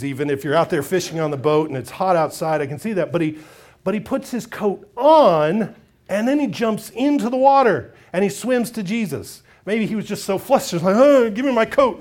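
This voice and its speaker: High-voiced pastor telling a story. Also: male voice. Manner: expressive storytelling, acts out quotes. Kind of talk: sermon.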